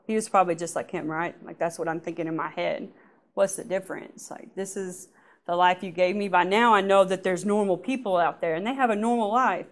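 A woman giving a personal church testimony, telling her story in a halting, soft-spoken way that often trails off. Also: fairly low pitch. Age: adult. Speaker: testimony speaker.

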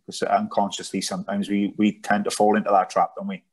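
Chatty man, low voice. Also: flat delivery, brisk, husky. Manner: chatty, keeps asking "do you know what I mean". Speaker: guest, charity founder. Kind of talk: casual chat.

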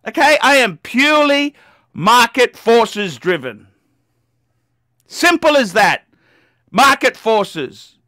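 A man hosting a live stream, ranting and swearing at callers, bursting into shouts. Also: very high voice, big pitch swings, slow, long pauses, dry recording, studio quality. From Australia. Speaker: livestream host.

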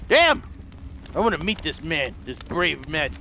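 A man doing let's play commentary, excitable and swearing, talking to his viewers and shouting at the game. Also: fairly high pitch, unhurried, vocal fry, a little hiss or hum. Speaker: gaming video host. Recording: game sounds loud behind the voice.

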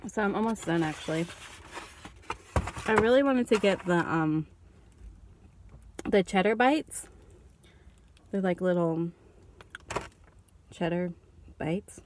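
A woman's voice: lowish voice, takes it slowly, pauses often, background noise. A young woman rambles through a casual mukbang, chewing and talking at once. She speaks into a phone held in her hand while sitting in a parked car. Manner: rambling, chatty, eating and coughing while talking. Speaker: beauty vlogger.

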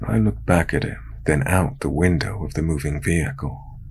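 A man narrating a true horror story in a calm, measured storytelling manner. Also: extremely low pitch, vocal fry, husky.

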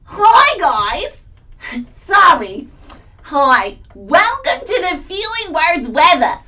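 A cheerful, playful grandmother, played by a woman, hosts a children's feelings segment in a high, swooping voice. She speaks slowly and exclaims often. The recording is distant and dull. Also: heavily acted. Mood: bubbly. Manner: bubbly, animated, exclamatory. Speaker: segment host. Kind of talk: children's educational show acting.

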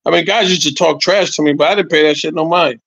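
A man in his sixties, a former boxer, telling animated, profane stories as a podcast guest, repeating his points. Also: fairly high pitch, fast, creaky, dry recording, dull audio. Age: 60s. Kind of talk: casual podcast chat.

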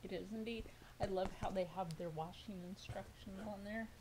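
A woman's voice: mid-range voice, fairly even intonation, normal speed, noisy background. A woman vlogging a casual unboxing of fabric for her sewing channel, gushing and squealing over each piece.

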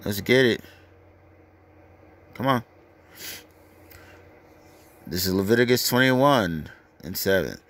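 A man's voice: lowish voice, expressive, fairly bright tone. Brash, crude-talking man preaching scripture. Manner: brash, crude, lecturing, reads verses slowly. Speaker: street preacher. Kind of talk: profane scripture rant.

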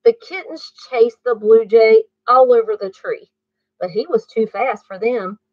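A woman reading a bedtime story aloud to children, pausing to ask the listener questions. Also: fairly high pitch, no echo. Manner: slow, asks the listener questions. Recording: muffled dry recording.

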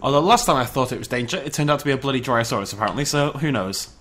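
A British man giving excited, chatty commentary on a dinosaur survival game, breaking into laughs and shouts. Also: medium pitch, very fast, slight background noise. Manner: animated, shouts and laughs in bursts. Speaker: gameplay commentator. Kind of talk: excited let's-play commentary.

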